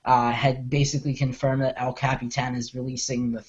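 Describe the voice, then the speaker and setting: A man's voice: medium pitch, level tone, fairly quick, lo-fi sound. A man co-hosting a casual tech podcast, talking in a rambling, hedging way full of fillers. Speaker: podcast co-host.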